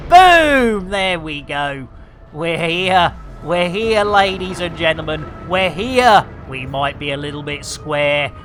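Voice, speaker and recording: A man's voice: high-pitched, a bit bright, slight background noise. A man streaming a game live, chatting in a bawdy, theatrical, rambling way. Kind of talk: cheeky live-stream chat.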